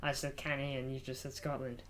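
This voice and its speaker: Streaming live about football from in front of an indoor green screen, a man reads out viewers' messages and calls them lad in a chatty, jokey way. His medium-pitched, fairly bright voice is a little fast with a completely flat delivery, plus a little hiss or hum.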